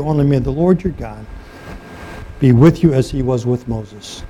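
A man's voice: on the high side, a little fast, background noise. Man preaching, reading scripture aloud. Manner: reads scripture aloud and comments, asks the congregation questions. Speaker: pastor. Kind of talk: sermon.

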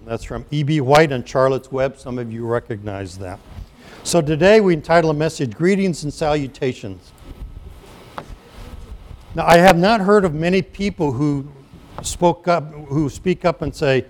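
A man's voice: on the high side, moderate pace. A man preaching a sermon in a conversational way, explaining step by step and often correcting himself mid-phrase. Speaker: pastor.

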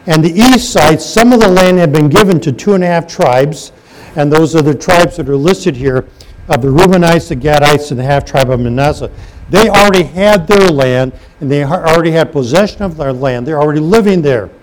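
A man's voice: on the high side, brisk, a little hiss or hum, poor audio. Man preaching, reading scripture aloud. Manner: reads scripture aloud and comments, asks the congregation questions. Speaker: pastor. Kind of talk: sermon.

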